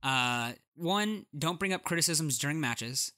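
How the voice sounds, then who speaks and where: A man's voice: a little high, animated, a little slow, pushed and bright, no room sound, studio quality. A man co-hosting a casual chat, talkative with frequent fillers. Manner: chatty, lots of "like" and "uh".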